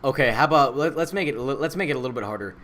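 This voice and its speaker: A man hosting a casual podcast chat, asking questions in a playful, animated way. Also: medium pitch, racing. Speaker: podcast host.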